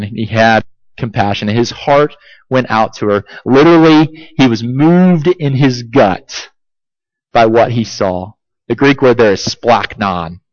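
A man preaching a sermon as pastor, emphatic and deliberate, asking his congregation repeated rhetorical questions. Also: medium pitch, darkish tone, no echo, dull audio.

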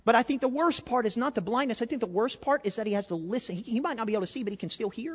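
A man's voice: very high voice, breathy edge. A man preaching a sermon, asking the congregation questions and telling a story along the way. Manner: interactive, asks audience questions, storytelling. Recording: reverberant hall.

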